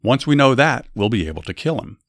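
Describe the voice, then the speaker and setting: A man's voice: medium pitch, sing-song, brisk, no echo, clean studio sound, pitched above the performer's own voice, close to an everyday voice. A man voicing a group of scheming enemy leaders in a spoken Bible story.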